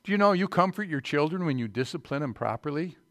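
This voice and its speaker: Middle-aged pastor guy preaching, slightly high voice, dry close mic, punchy loud bits then soft asides. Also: lively intonation, quick pace, no room sound. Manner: emphatic preaching with rising bursts and asides. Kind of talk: sermon.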